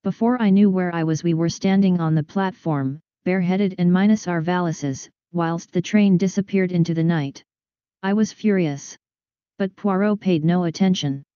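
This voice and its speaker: Woman audiobook narrator, lowish mellow voice, measured delivery, dull dry lo-fi sound. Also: dry recording. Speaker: audiobook reader. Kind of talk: scripted narration of a detective story.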